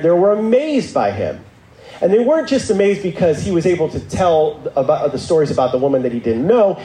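A man giving a sermon, retelling stories in a conversational way and dropping into a lower voice for quoted lines. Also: warm tone, reverberant, slight background noise, poor audio. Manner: storytelling, acting out quotes in a lower voice; conversational, with asides and restarts. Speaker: preacher.

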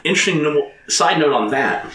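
Animated man in an echoey room. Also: on the high side, a little fast. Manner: animated, quotes film lines in put-on voices. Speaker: podcast co-host. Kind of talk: casual movie podcast chat. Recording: echoey room with faint noise.

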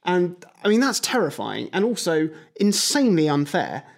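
A man with a somewhat high voice co-hosts a casual podcast. He tells animated anecdotes and briefly acts out the people he quotes. His delivery is conversational and expressive. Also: moderate pace, gravelly. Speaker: podcast co-host. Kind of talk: casual chat. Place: at a table with his co-host.

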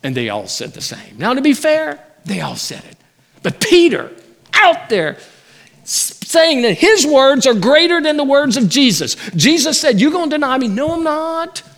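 A man preaching a sermon as pastor, animated, acting out the words of people in the story. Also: very high-pitched, measured pace, vocal fry.

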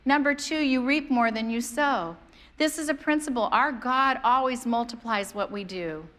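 A middle-aged woman delivers a sermon in a storytelling, conversational way. Her voice sits a little high for a woman, and she slips into other people's voices as she tells her stories. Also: normal speed. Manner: animated, conversational, acts out quoted voices. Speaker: pastor.

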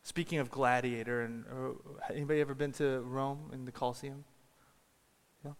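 A man preaching a sermon, telling a story and building to shouted peaks. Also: mid-range voice, level tone, moderate pace. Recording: long reverb of a large hall.

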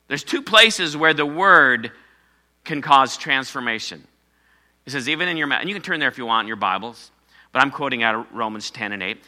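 A man's voice: mid-range voice, animated, a little fast, bright, forceful tone. A man preaching a sermon to his congregation, emphatic and repeating key phrases for weight. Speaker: pastor.

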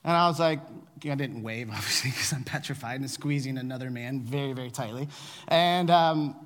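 A man preaching a sermon, telling a personal story in an animated, self-deprecating way. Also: medium pitch, moderate pace, long reverb tail. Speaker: pastor.

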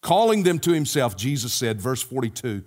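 An older male pastor preaching from the pulpit in a steady, mid-pitched voice. He builds his points through earnest repetition and warms them with homespun asides. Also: normal speed. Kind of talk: sermon.

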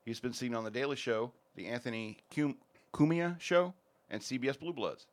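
A man's voice: mid-range voice, expressive, moderate pace. Rambling man hosting a podcast. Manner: rambling, jokey, many fillers. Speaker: podcast host. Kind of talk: casual podcast chat with sponsor reads.

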